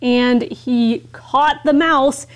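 High-voiced woman teaching English. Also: fairly even intonation, very slow. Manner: explains words simply, reads story aloud. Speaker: co-host of an English lesson.

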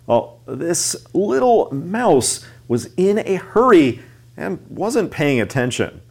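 A man's voice: fairly high pitch, big pitch swings, slow, vocal fry, breathy edge. A man co-hosting an English lesson, explaining words and talking to listeners as friends. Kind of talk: teaching English with a storybook.

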